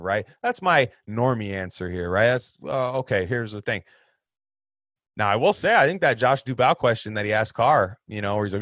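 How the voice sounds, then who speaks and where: Man, low voice, casual sports talk host, opinionated, rambling, dry close mic. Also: normal speed, no echo. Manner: rambling, opinionated, animated with restarts.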